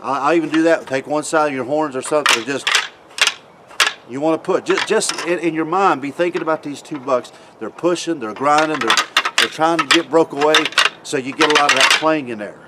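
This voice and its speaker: A man giving a casual hunting demonstration in a folksy, repetitive way. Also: fairly high pitch. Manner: folksy, repeats himself, pauses to demonstrate. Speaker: hunting video host. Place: outdoors. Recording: loud background noise outdoors.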